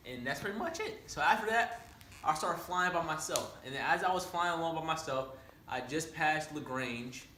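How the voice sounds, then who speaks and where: Chatty pilot man, bright voice. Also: fairly high pitch, expressive, roomy sound, a little hiss or hum. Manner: rattles off radio calls in quick aviation jargon; explains terms to a listener, often asking "right?". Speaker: student pilot. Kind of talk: casual storytelling.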